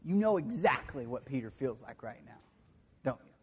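A man from the American South with a Southern accent, preaching a sermon with self-deprecating stories that drop into quiet, confessional moments. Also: medium pitch, big pitch swings, normal speed, slightly rough. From Southern United States. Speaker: pastor.

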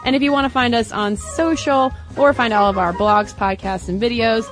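A woman's voice: fairly high pitch, fairly even intonation, moderate pace, music in the background. Chatty playful woman podcast co-host. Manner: chatty, playful, laughs often. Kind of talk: casual chat.

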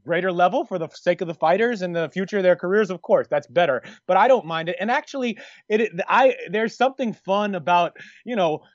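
A man's voice: high-pitched, brisk, few pauses, no room sound, muffled recording. A man co-hosting a podcast, talking in a rambling, jokey way with lots of restarts. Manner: rambling, self-interrupting, jokey. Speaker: podcast co-host. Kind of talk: casual podcast chat.

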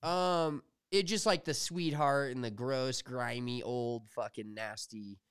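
Smooth-voiced young man telling stories. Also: medium pitch, slow, dry recording. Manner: animated storytelling, swears freely. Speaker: podcast co-host. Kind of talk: casual chat.

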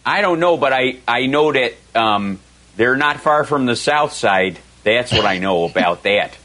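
A man's voice: mid-range voice, expressive, measured pace, sharp tone, poor audio. A man hosting a radio talk show, talking casually and sarcastically about politics in a rambling way.

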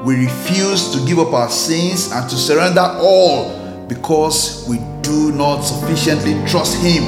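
A man hosting a devotional, telling a story and preaching in a measured, earnest way. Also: on the high side, echoey room, over loud music. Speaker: host and preacher. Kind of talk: devotional sermon.

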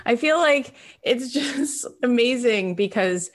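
A woman's voice: a little high, animated, slow. A woman hosting an interview, gushing with effusive praise for her guest. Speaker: podcast host. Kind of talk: casual interview chat.

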